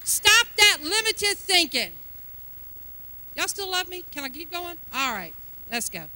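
A woman's voice: extremely high pitch, very animated, measured pace, sharp tone. A woman preaching a sermon in a folksy, emphatic way, asking the congregation questions as she goes.

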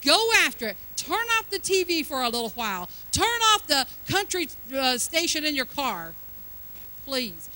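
An older woman preaching a sermon, building from chatty asides to fervent, loud exhortation. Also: sits high, very animated, poor audio. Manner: fervent, rising to loud exhortation, drawn-out emphasis.

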